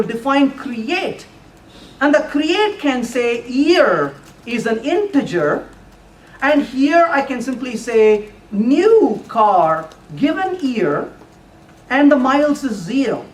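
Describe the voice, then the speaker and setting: A man giving a technical talk with live coding to a user group, animated and playful, now and then putting on a mock voice for the compiler. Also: extremely high pitch, slight background noise. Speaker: conference speaker. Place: lecture room at a user group meeting. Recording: echoey room, voice from far off.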